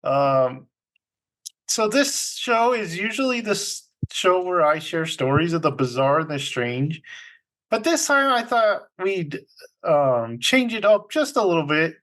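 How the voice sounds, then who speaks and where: A man hosting a casual group podcast, telling puzzles to his friends in an unhurried way and laughing often. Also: on the high side, big pitch swings, a bit bright. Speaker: podcast host.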